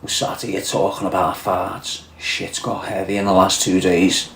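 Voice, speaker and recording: This Scouse livestream host has a low, monotone voice with vocal fry and a bit of brightness, and he talks a little slowly. He reads chat aloud and tells crude, blunt, swaggering stories full of profanity. There's slight background noise and roomy echo.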